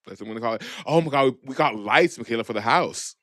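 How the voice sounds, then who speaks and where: A man's voice: mid-range voice, lively intonation, fast talker, fairly bright tone, no room sound. Man, casual podcast chat, sassy, gossipy, curses a lot, mid-range voice, dry close sound. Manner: sassy, gossipy, swears freely. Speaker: podcast co-host.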